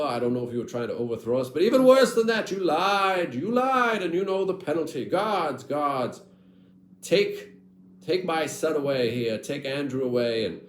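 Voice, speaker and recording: A man playing a furious old king who shouts and stammers with rage, in a high strained voice. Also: reverberant, lightly acted.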